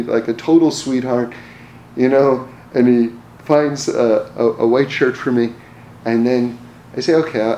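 A man with a mid-pitched voice tells personal stories casually and in a relaxed way, stumbling and restarting, repeating words as he does, and chuckling at his own tales. The recording has a roomy echo with a faint background hum and ambience.

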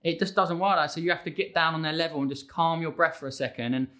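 A lively guest in his thirties, talking casually and slipping into little voices for his kids. His tone is bright and forceful, sitting slightly higher than most men. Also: fast talker. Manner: animated, acts out his kids' voices. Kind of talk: casual conversation.

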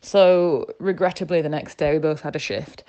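A woman's voice: low-pitched, fairly even intonation, moderate pace, mellow, lo-fi sound. A woman with a northern English accent, recording a phone voice note and telling an embarrassing story with laughter and self-mockery. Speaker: listener sending a voice note.

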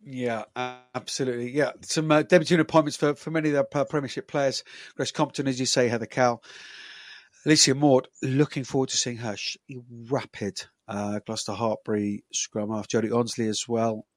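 He speaks at medium pitch with a fairly even intonation and a fairly quick pace, captured dry. As a casual podcast co-host, he rambles, stacking up fillers and restarts.

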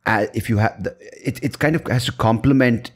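A man's voice: mid-range voice, brisk. A man hosting a podcast who asks long, rambling questions full of restarts and "right?". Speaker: podcast host. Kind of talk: conversational interview questions.

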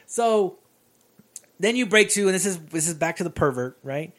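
A man's voice: high-pitched, lively intonation, normal speed, a bit bright. A man hosting a casual chat, animatedly recapping a movie's scenes with laughter.

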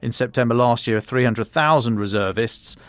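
A man's voice: medium pitch, moderate pace, a bit bright, no echo. A man with a British accent discussing military matters in a conversational podcast chat, often restarting phrases and stressing points. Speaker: defence editor.

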